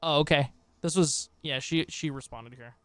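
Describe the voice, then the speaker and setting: A man streaming live and reacting to online drama, swearing and exclaiming, his voice going hoarse from talking so long. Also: on the high side, normal speed, fairly bright tone, dry recording, faint music behind. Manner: profane, exclaiming, talks back at what he reads.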